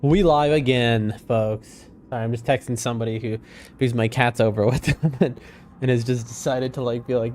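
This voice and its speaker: A man live-streaming a video game, chatting excitedly with his viewers. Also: medium pitch, fairly quick, a little hiss or hum. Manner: excitable, chatty, talks to chat. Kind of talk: live gameplay stream chat.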